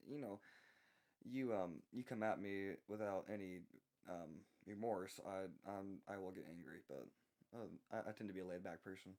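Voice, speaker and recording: Young Southern man, lowish voice, soft-spoken storyteller, halting restarts. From American South. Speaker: voice actor telling a work story. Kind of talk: unscripted storytelling.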